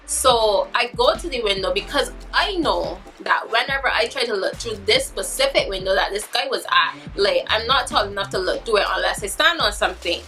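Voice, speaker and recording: A woman in her twenties telling a story in a vlog, animated and dramatic, acting out what people said. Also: mid-range voice, moderate pace, hardly any pauses, faint music behind. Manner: animated, dramatic retelling with acted-out quotes. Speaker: vlogger.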